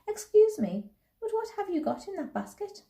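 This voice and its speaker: A woman reading aloud, voicing an excitable, giggly young girl in a high, squealing voice. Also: moderate pace, creaky, full character voice. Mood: curious. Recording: roomy echo.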